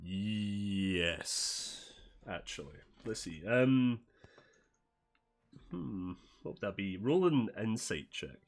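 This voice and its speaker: A man's voice: fairly low pitch, expressive, very slow. Rambling man running a tabletop game. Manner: rambling, fillers like "like", improvising. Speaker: game master.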